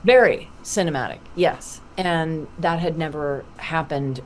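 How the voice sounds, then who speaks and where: A middle-aged woman with a notably low, dusky voice, talking over a video call as a podcast guest. She tells her stories with real relish and slips into acted-out quotes along the way. A faint hiss of noise sits under the call. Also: measured pace. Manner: lively anecdotal storytelling with acted-out quotes. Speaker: voice actor guest. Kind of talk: podcast interview.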